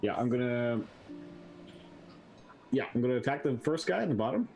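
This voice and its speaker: A man's voice: medium pitch, expressive, moderate pace, creaky, darkish tone. A man playing in a casual tabletop game, checking his options hesitantly with fillers. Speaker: player.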